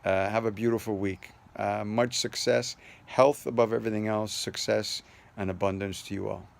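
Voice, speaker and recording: A creaky, lowish male voice delivers a flat, moderately paced account of something personal, aimed at the camera. The vlogger's storytelling is casual and rambling, riddled with fillers and restarts, earnest in tone and finished with an upbeat sign-off.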